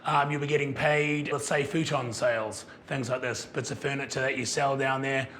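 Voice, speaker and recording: A man with a New Zealand accent co-hosting a comedy show, delivering laconic, mumbled deadpan asides. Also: medium pitch, moderate pace, slight background noise.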